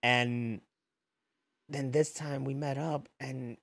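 A man's voice: mid-range voice, slow, vocal fry, no echo. Brief: man, casual co-host chat, swears a lot, laughs easily, dry close sound. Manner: laughs often, profane, animated storytelling.

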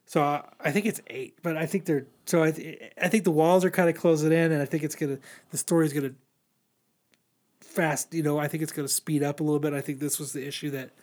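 A man's voice: a little high, steady tone, fast, a little mellow. A man casually recapping a comic book on a podcast, rambling with lots of fillers and swearing. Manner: rambling, profane, many fillers. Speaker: podcast host.

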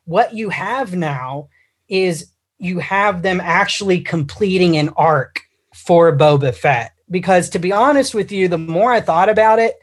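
A man's voice: high voice, a little slow, breathy edge. Rambling man chatting as a podcast guest. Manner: rambling, with many fillers and restarts. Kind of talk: casual livestream chat.

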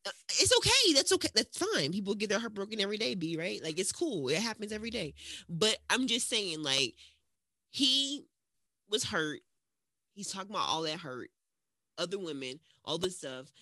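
A woman co-hosting a casual podcast, talking in an animated, rambling way with teasing and swearing. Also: medium pitch, normal speed, no echo, clean studio sound. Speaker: podcast co-host. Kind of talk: casual chat. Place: at home in another city from her co-host.

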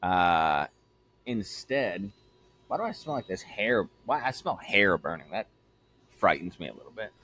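A man's voice: sits low, sing-song, unhurried, pushed and bright, slight background noise. A young man co-hosting a casual podcast, loose, joking and swearing freely. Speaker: podcast co-host.

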